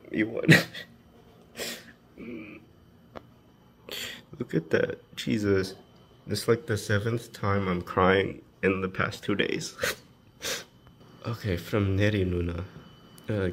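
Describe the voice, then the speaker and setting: A man's voice: lowish voice, fairly even intonation, moderate pace, vocal fry, long pauses, a little hiss or hum. A man reading farewell notes aloud, mixing Korean phrases into casual English and laughing often, emotional and teary. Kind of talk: casual chat.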